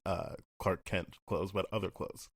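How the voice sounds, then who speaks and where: A man's voice: low voice, fairly even intonation, measured pace, creaky, breathy edge, no room sound, clean studio sound. A man co-hosting a podcast, chatting casually and bluntly, swearing freely and acting out characters' lines. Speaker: podcast co-host. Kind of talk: casual spoiler review chat.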